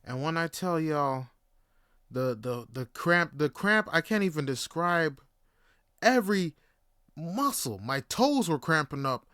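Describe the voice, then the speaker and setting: A man hosting a podcast, telling a story in a casual, animated and profane way, often laughing. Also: fairly high pitch, measured pace, clear, resonant tone, no echo, studio quality. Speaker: podcast host.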